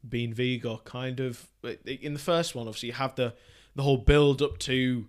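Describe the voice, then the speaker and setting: A man's voice: medium pitch, moderate pace. A man chatting casually about a film as podcast co-host, laughing easily and trailing off mid-sentence.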